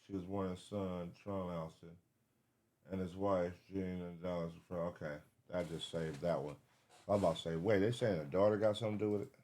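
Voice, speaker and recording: A man giving live reaction commentary, excitable, swearing and thinking aloud as he searches. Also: low voice, a little fast. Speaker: reaction streamer.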